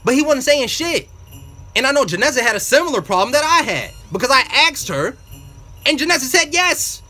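A man's voice: extremely high pitch, sing-song, fairly quick, sharp tone. A man telling a workplace story as a profane, exasperated casual rant, full of slang. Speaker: vlogger.

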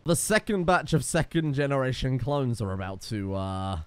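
A man's voice: medium pitch, sing-song, moderate pace, clear, resonant tone, no room sound, faint music behind. Exasperated man commentating a game. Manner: exasperated, sarcastic, swears often. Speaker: gaming YouTuber. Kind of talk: let's play commentary.

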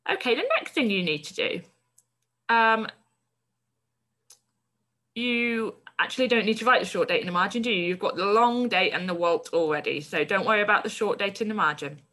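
A woman's voice: medium pitch, normal speed, sharp tone. A woman primary school teacher giving a recorded online lesson, reading a story aloud and encouragingly explaining its word choices.

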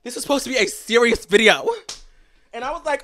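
Young male streamer, dramatic and animated, addresses viewers directly, very lively pitch. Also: fairly quick. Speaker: livestreamer. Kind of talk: casual livestream chat.

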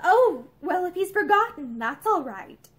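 Teasing knowing young woman voiced by a woman reading a novel, high bright voice. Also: big pitch swings, normal speed. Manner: playful, knowing.

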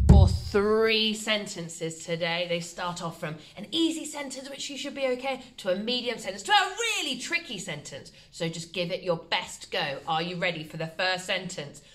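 Woman, primary teacher, slow and sing-song with a lively pitch, praises a lot, sounds out letters. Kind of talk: phonics lesson for young children. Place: home, recorded for online learning.

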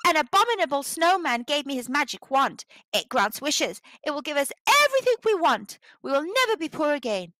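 Excitable young boy, high and quick, storybook voice, done by a woman reader. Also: dry recording, full character voice. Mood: excited. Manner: excited, breathless.

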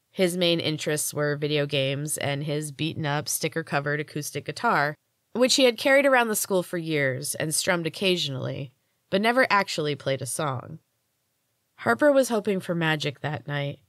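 A woman hosting a podcast, reading her own fiction aloud in a calm, measured storytelling manner. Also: low-pitched, no room sound, clean studio sound. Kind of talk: audiobook-style story narration.

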